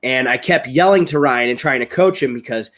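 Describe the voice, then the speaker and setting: An American man recovering from illness, telling stories in a rambling, excitable way on a live video call. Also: mid-range voice, brisk. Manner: rambling, excitable storytelling, raises voice when recounting. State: ill, voice strained. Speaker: guest, chili-eating champion. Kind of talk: casual live-stream chat. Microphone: webcam on a live video call.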